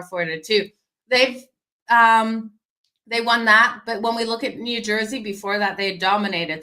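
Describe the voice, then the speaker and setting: A woman with a slightly high voice hosts a daily hockey betting show, speaking directly to her viewers. She's energetic and conversational, though her voice is going a little hoarse.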